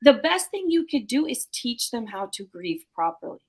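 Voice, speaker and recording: A woman's voice: on the high side, big pitch swings, moderate pace, breathy edge. A bereaved mother telling her story in a heartfelt, emotional way during a discussion. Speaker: bereaved mother sharing experience.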